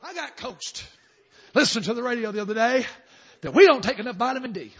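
A man preaching a sermon, swinging from soft murmurs to fervent shouting. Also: very high voice, animated, fairly quick, husky, dull audio.

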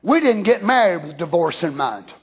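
High-pitched fervent preacher, drawl. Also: male voice, big pitch swings, normal speed. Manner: fervent, swings from hushed asides to shouted declarations. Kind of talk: Pentecostal-style sermon.

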